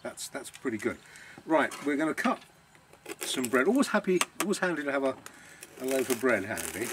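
A man's voice: medium pitch, very animated, brisk, background noise. A man, the owner of a villa rental business, chatting casually on a vlog in a self-deprecating, savouring way.

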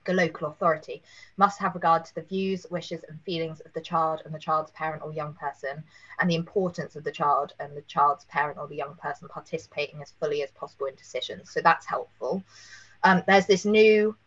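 A woman, hoarse after a cold, giving a careful webinar presentation with many fillers. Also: low-pitched, steady tone, fairly quick, a bit bright, dull audio. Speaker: legal presenter.

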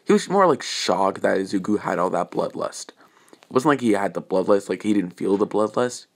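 Improvising fan fiction out loud, a young man with a lowish, animated voice rambles, filling gaps and starting over often. Whenever the hero speaks, his delivery turns slow and menacing.

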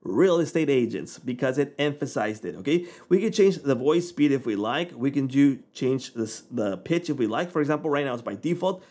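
A man hosting a software tutorial, talking in a relaxed, informal way as he clicks through the steps. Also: medium pitch, moderate pace, hardly any pauses. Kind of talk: casual screen-recording walkthrough.

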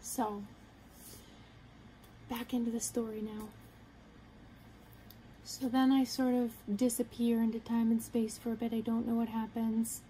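A young woman with a fairly high, mellow voice tells a personal story straight to the camera. She talks in an earnest, halting way and quotes her own thoughts along the way. A faint hiss sits under the recording. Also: level tone, poor audio. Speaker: vlogger.

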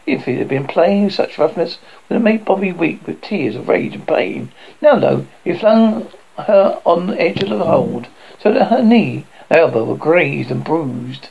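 A man narrating a novel aloud, stumbling over words and correcting himself as he goes. His voice is gravelly and husky, with lively pitch. The recording is dull and lo-fi. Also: measured pace. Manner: stumbling, self-correcting reading.

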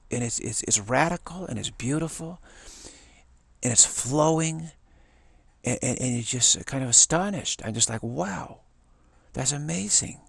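A man talking in a casual, rambling monologue, often restarting his words and growing excited as he goes. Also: medium pitch, vocal fry, breathy edge, no room sound. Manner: excited, animated. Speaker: talk host.

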